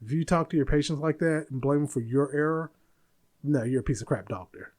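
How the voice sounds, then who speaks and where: Man, 40s, podcast host, casual monologue, blunt venting, slightly high voice. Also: brisk, a little mellow.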